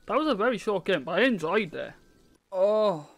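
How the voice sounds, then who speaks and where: A young man commenting on a horror game as he plays, often shouting, swearing and panicking. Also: high-pitched, lively intonation, normal speed. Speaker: gaming video host.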